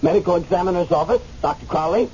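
A man's voice: sits high, fast, natural voice. An actor playing a nervous young medical examiner on his first day, unsure and hesitant, in a radio drama. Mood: uncertain. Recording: muffled radio recording with hiss.

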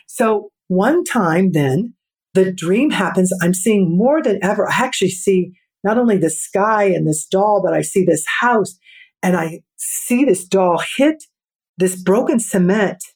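A middle-aged woman appears as a podcast guest and tells a personal story in an interview, earnest and reflective, slowing down for emphasis. Her mid-range voice is husky, with a darkish tone.

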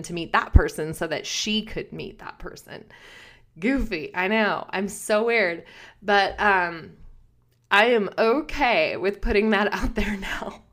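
A woman's voice: mid-range voice, measured pace, fairly bright tone. A woman in her thirties telling personal stories to her viewers in a casual, chatty way, laughing often and acting out what others said. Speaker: vlogger.

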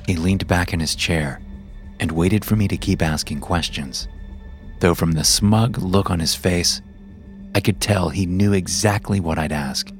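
A man with a very deep voice tells a first-person horror story, keeping it low, measured and tense. Faint music plays beneath him. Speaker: narrator.

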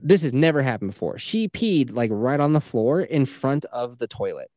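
A man in his thirties, a stay-at-home father, chatting casually on a podcast and telling animated stories with plenty of swearing and laughter. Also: medium pitch, moderate pace, no echo. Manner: animated storytelling, swears freely, laughs often.

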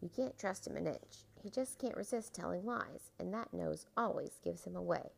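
A woman's voice: on the low side, lively intonation, moderate pace, vocal fry, heavily acted. Woman doing a dignified talking signpost. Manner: dignified, gently scolding.

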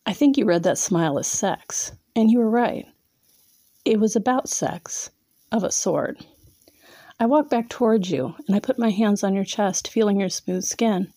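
A woman's voice: mid-range voice, measured pace, dark tone, dry recording. A woman narrating a second-person erotic story in a teasing, domineering way, sometimes dropping to a whisper.

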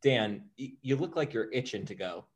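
A man with a mid-range voice co-hosts a casual conversation about films. He speaks deliberately, laying out his thoughts step by step. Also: mid-range voice. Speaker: podcast co-host. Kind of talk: casual film discussion.

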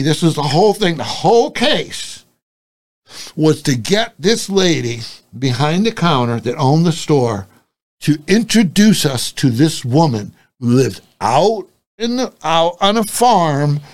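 A man's voice: fairly high pitch, big pitch swings, a little slow. An older man, a retired cop and private investigator, telling a story bluntly and salting it with curses. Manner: blunt, salty, acts out dialogue. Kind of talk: casual anecdote storytelling.

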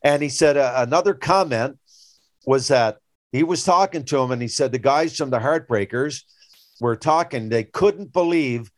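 A man's voice: medium pitch, normal speed, no echo. Rambling older man. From Newfoundland, Canada. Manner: rambling storyteller, animated when retelling anecdotes. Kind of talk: casual chat.

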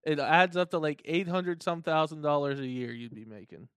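A young man co-hosting a casual podcast chat, excitable and slangy, repeating his points for emphasis. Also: fairly high pitch, moderate pace, smooth, dry recording, clean studio sound. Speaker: podcast co-host.

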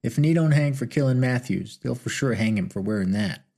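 A man's voice: mid-range voice, animated, brisk, warm tone. A man voicing a cocky young Old West outlaw who mocks his friends in a drawling frontier way. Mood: mocking. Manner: drawling, teasing frontier talk.

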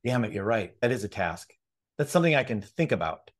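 Excitable swearing man on a podcast. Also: on the low side, a little fast. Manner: excitable, swears freely, restarts and laughs often. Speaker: podcast host. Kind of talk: casual podcast conversation.

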